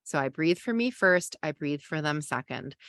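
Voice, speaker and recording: A middle-aged woman with a fairly low voice teaches parents in a calm, gentle coaching tone. She takes slow pauses and lets out soft sighs between points. Her voice is close and dry, with no room sound. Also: dry recording. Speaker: parenting podcast host.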